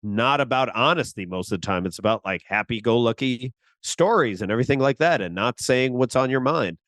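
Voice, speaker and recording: A man co-hosting a podcast, discussing a TV episode in a lively way and acting out the characters' lines. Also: mid-range voice, brisk, no room sound. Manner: animated, acts out quotes, laughs easily. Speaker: podcast co-host. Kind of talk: casual discussion of a TV show.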